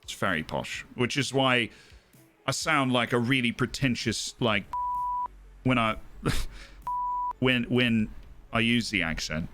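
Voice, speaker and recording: Bright posh-English young man streaming. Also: mid-range voice, lively intonation, takes it slowly, long pauses, faint music behind. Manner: rambling, enthusiastic, self-interrupting. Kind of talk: casual live gameplay commentary.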